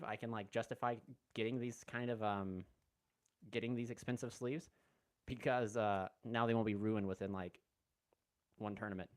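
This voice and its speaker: Laid-back man hosting a live stream. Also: mid-range voice. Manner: relaxed, rambling, greets chat viewers by name. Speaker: livestream host. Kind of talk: casual live stream chat. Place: room at home with window open.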